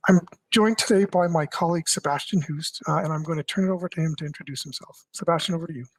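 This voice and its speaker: A man speaks quickly at a somewhat raised pitch. His voice is dry and close as he presents a webinar with upbeat energy. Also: dry recording, rough recording. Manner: brisk, upbeat welcome and questions. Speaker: session presenter.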